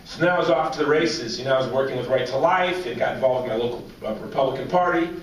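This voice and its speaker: A man in his forties giving a humorous personal story speech at a banquet, as an animated, joking storyteller. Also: medium pitch, fast talker. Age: 40s. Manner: joking, animated storyteller drawing audience laughs. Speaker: banquet speaker. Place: large banquet hall with audience. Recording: echoey hall, distant mic, faint noise.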